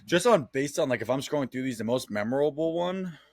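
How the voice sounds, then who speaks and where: Fast-talking young guy, casual movie chat. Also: medium pitch, animated, a little mellow, dry recording, studio quality. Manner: loose, swears a lot, many "like" fillers. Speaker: podcast co-host.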